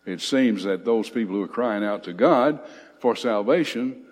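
A man preaching a sermon, reading scripture aloud with swelling emphasis and pausing on frequent fillers. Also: on the low side, animated, darkish tone. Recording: long hall reverb.

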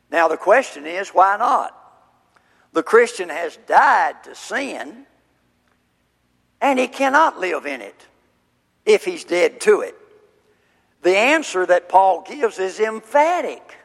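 A high-pitched man with a gravelly edge preaches at a slow, deliberate pace. His emphatic exposition of scripture rings with long hall reverb. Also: very animated, a bit bright. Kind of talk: sermon.

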